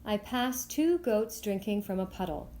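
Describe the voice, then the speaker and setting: A woman reading a picture book aloud for young children at storytime, voicing the young narrator with bright, lifted lines. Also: measured pace, slight background noise. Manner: expressive, lifting high for the child's voice. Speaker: storytime reader.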